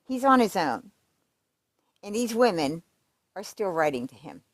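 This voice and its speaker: A woman's voice: mid-range voice, sing-song, unhurried. A woman giving casual true crime commentary, reading letters aloud in a conversational, emphatic way with fillers and restarts.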